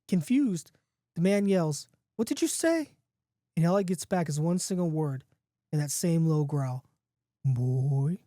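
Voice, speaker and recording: A man's voice: high voice, warm tone, no room sound, studio quality. A podcast host reading his own spooky story in a casual, playful way, with a few restarts.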